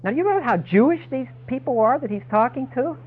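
A man's voice: very high-pitched, animated, fast talker, breathy edge, narrow, tinny audio. A man preaching a sermon, emphatic and dramatic, voicing the people he quotes.

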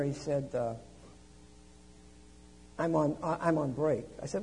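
A man preaching a sermon, telling a travel story with lively swings between quiet asides and loud exclamations. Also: fairly high pitch, slow, gravelly, pauses often, low-quality recording. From United States.

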